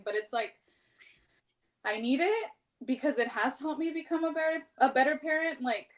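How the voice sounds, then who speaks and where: A woman's voice: high-pitched, moderate pace. A woman in her thirties in a casual podcast chat, talking candidly and at length, full of "like" and the odd swear word. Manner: candid, rambling, heavy use of "like", swears freely.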